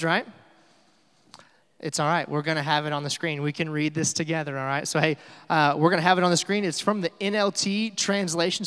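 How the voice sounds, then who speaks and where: A man's voice: a little high, fairly bright tone, clean tone, in a large hall. A man preaching a casual, upbeat sermon, coaxing his congregation to join in. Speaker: pastor. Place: church hall.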